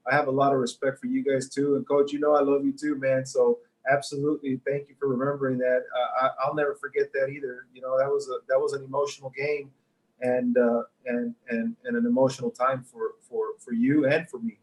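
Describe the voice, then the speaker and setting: A man with an ordinary mid-range voice speaks earnestly and sincerely. He is a coach talking over a video call. His delivery is steady and measured. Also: medium pitch, rough recording. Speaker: high school football coach. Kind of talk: casual remote interview.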